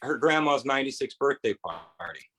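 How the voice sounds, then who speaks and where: A man's voice: mid-range voice, animated, moderate pace, sharp tone, breathy edge, low-quality recording. A man doing a rambling stand-up set on a bar stage, with quoted voices in his stories. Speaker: stand-up comedian.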